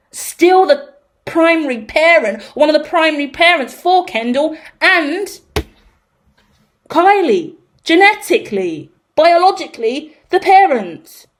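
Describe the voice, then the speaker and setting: A woman ranting in a casual vlog, emphatic and swearing, swinging between loud outrage and low muttered asides. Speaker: tarot reader reacting to celebrity news. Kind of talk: impassioned casual rant.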